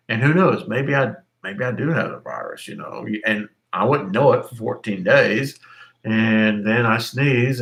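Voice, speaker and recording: A man's voice: fairly low pitch, fairly bright tone. A middle-aged man teaching history over a live stream, rambling and correcting himself with many fillers.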